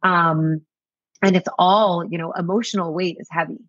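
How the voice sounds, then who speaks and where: A woman from Canada, guest on a podcast, talking in an animated, earnest self-help way. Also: on the low side, normal speed, lo-fi sound. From Greater Toronto Area, Canada. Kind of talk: casual conversational interview.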